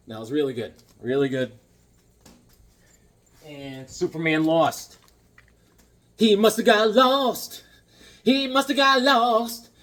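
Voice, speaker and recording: A man talks his way through a pile of comics, circling back with fillers and throwing in puns as he goes. His voice sits in an ordinary middle pitch, easygoing and unhurried. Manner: rambling, joking, lots of fillers and puns. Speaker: comic book channel host. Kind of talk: casual chat to camera.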